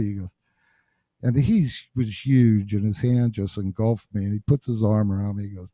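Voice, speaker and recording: A man from New Jersey, a bassist and interview guest, telling stories in an animated way and acting out what people said. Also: moderate pace, no room sound, studio quality. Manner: animated storyteller acting out quotes. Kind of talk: storytelling interview.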